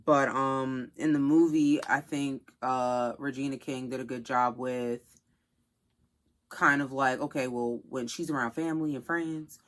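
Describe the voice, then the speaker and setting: A woman's voice: very deep voice, steady tone, unhurried. A woman co-hosting a podcast in casual chat, rambling with lots of fillers. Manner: chatty, full of fillers like "kinda". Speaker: podcast co-host.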